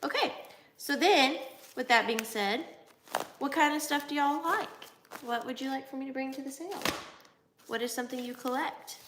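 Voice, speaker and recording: Chatty excitable woman, bright voice. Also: sits high, roomy sound, a little hiss or hum. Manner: chatty, excitable, jumps between topics. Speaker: antique reseller hosting a livestream. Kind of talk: casual live chat with viewers.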